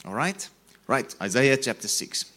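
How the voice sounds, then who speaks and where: A man's voice: mid-range voice, sing-song, a little slow, sharp tone. A man preaching a sermon, repeating phrases and stressing key words as he reads scripture.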